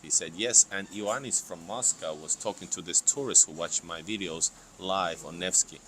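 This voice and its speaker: A man hosting a casual live stream in English, excitable, restarting his sentences often. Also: sits low, moderate pace, a little hiss or hum. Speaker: host of a travel channel.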